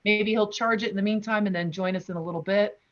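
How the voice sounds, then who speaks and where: A woman's voice: medium pitch, steady tone, fast talker, lo-fi sound, a little hiss or hum. Chatty woman hosting a video call. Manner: chatty, welcoming, gives shout-outs. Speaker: host. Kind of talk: casual video call chat.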